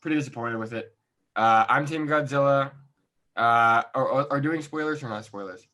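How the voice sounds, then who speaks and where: A young man co-hosting a casual podcast chat, laid-back and trailing off quietly at the ends of thoughts. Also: mid-range voice, normal speed. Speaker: podcast co-host.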